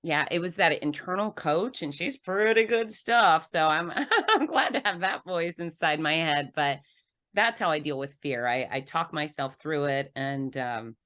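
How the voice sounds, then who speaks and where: A woman guest on a podcast telling a personal story with animated, laughing delivery that acts out the scenes. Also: deep voice, a little slow. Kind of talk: conversational storytelling.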